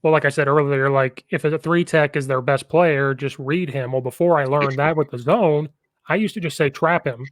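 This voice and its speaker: A man's voice: fairly high pitch, normal speed, no echo. A man hosting a podcast and chatting casually about coaching football, telling rambling stories with a lot of enthusiasm.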